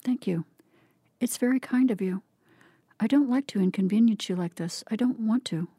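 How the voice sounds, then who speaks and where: A woman's voice: on the high side, normal speed, warm tone, breathy edge, dry recording, studio quality, voice pushed up. A woman reading a story, voicing a frail, desperate young woman who speaks in a timid, whispery plea.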